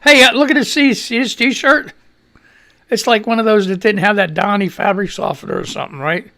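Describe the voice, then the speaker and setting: Breathless, gravelly radio host. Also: male voice, sits high, steady tone, a little fast. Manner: loud, profane, laughing, rambling asides. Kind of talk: rambling casual live radio talk.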